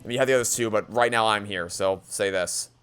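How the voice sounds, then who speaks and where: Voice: medium pitch, racing, fairly bright tone, smooth, soft background music. A let's play gamer giving emotional commentary, stammering often, getting exasperated and swearing.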